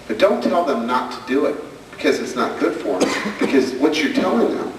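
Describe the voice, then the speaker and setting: A man's voice: medium pitch, expressive, brisk, background noise. A man doing a stand-up comedy routine, telling stories and acting out his daughter's questions, recorded from afar on a camcorder. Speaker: stand-up comedian and parenting speaker. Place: hall with an audience. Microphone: far camcorder. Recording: echoey, distant camcorder recording of a hall.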